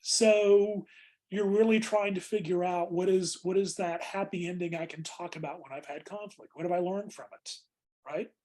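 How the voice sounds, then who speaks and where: A man's voice: high-pitched, steady tone, moderate pace, darkish tone. A man teaching a class on job interviews, talking informally and calling students "guys". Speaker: instructor.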